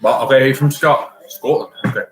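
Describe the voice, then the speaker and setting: Chatting casually on his livestream in an echoey room, this folksy Southern host rambles along and reads viewers' comments out loud. He speaks in a steady, mid-range voice, a little on the fast side.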